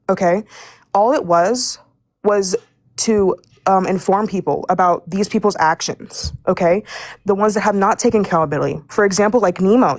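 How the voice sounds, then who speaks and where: A young woman speaking in a live audio room, furious and stumbling over her own words. Her voice sits at an everyday pitch and sounds dry and close, with no room around it. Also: no echo. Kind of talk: heated live call-in rant.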